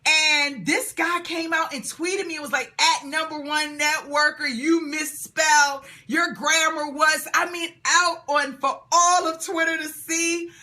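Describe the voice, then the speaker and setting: A woman's voice: sits high, fairly even intonation, a little slow, few pauses, pushed and bright. A middle-aged woman hosting a live Q&A stream, reading out viewer comments, laughing and cheering often. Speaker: host of a live Q&A call.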